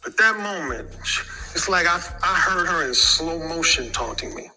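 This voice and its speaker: A man telling a crude, animated personal story to an audience from a stage. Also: on the high side, moderate pace, soft background music, rough recording. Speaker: speaker.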